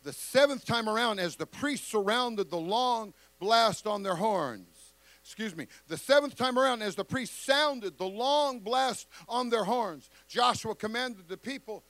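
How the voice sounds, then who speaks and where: A man preaching a fiery sermon who calls on the congregation to answer back and builds his lines up into shouts. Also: high-pitched, expressive, measured pace, dry recording.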